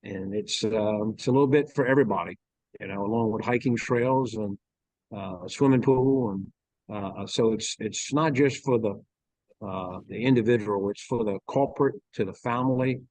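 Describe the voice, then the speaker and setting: A middle-aged man with a Louisiana accent, a golf ranch owner in a casual interview, talking slowly and haltingly with many fillers. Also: lowish voice, a little mellow, no echo, low-quality recording.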